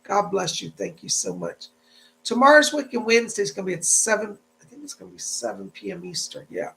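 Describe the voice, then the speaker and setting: Guy doing live psychic readings on a stream, kinda high voice, very gravelly, thanks ppl for donations and passes on spirit messages. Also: wildly swooping pitch, a little fast, bright, forceful tone, poor audio. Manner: chatty, relays spirit messages in a reassuring way; thanks viewers and reads out donations. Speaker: psychic medium.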